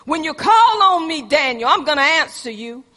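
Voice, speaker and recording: Woman voicing God in a sermon: fatherly, commanding, loud; long reverb. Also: high voice, sing-song, moderate pace, exaggerated voice. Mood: impassioned. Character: God speaking to a faithful servant, commanding and fatherly.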